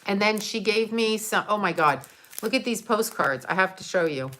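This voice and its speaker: A middle-aged woman vlogger chats casually to camera, opening gifts from viewers, showing them off and thanking people. Her mid-range voice is expressive and a bit bright at a normal speed, and she rambles with many fillers.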